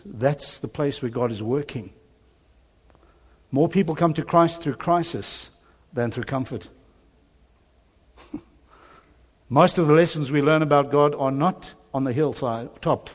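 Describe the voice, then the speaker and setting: A man preaching a sermon, telling a Bible story with animated storytelling and voiced dialogue, chuckling now and then. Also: mid-range voice, unhurried, long pauses, breathy edge. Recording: long hall reverb.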